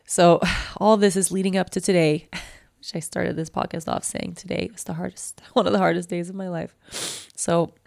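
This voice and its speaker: A woman in her thirties talks through her fears on her own podcast, with a heavily gravelly, low-pitched voice. She rambles candidly, near tears, and the recording is very dry and close. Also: level tone, normal speed, darkish tone, no room sound. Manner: candid, emotional, rambling with many fillers. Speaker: podcast host. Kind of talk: personal podcast monologue.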